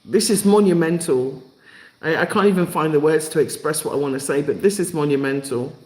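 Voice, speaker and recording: A man talks straight to his viewers on a live stream. He is emotional and rallying, and he repeats phrases for emphasis. His voice sits a little high, and it rings in an echoey room. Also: a little fast. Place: home in Africa.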